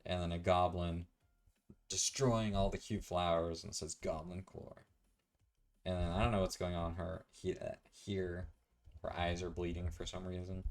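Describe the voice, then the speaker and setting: A man's voice: low-pitched, level tone, normal speed. A man giving an offhand, rambling commentary as he flips through his sketchbooks. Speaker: artist streamer.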